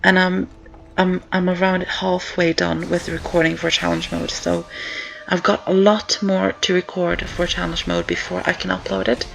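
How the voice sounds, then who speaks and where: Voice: medium pitch, little pitch movement, normal speed, gravelly, a bit bright, rough recording. A young student giving casual gameplay commentary, rambling and repeating with many ums, out of breath with a sore throat. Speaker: let's-play commentator. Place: indoors at home, rain on the windows. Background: game music.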